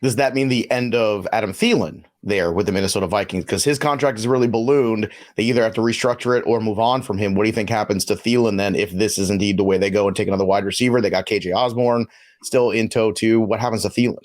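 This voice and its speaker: A man's voice: on the low side, steady tone. Teasing man hosting a draft panel. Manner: teasing, brisk. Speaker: host.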